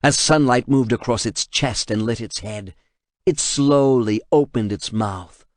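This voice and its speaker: A man reading an action novel aloud in steady, measured audiobook narration. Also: mid-range voice, dry recording, clean studio sound.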